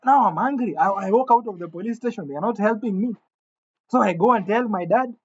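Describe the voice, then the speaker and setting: A man telling a comic story in an animated, indignant way with many stumbling restarts, on a dull lo-fi recording. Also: high-pitched, fairly quick, slightly rough.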